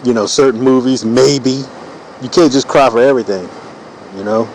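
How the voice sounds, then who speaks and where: This cartoon-drawing streamer in his forties has a mid-range, darkish voice at a normal speed. He rambles through a crude, comedic monologue peppered with "you know," and the rough recording carries slight background noise.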